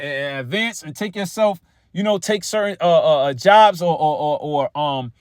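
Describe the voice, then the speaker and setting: A high-pitched man preaches in a loose, conversational style, doing street-style Bible teaching full of cursing and repeated words. The sound is clean studio audio with no room sound.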